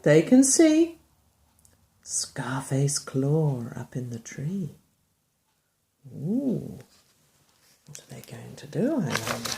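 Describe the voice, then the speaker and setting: A woman reads a picture book aloud to a small child, unhurried and drawn out. Her voice rises in bright exclamations and drops into soft murmured asides. She keeps stopping to point at the pictures and ask the child questions. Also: a little high. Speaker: reader to a child.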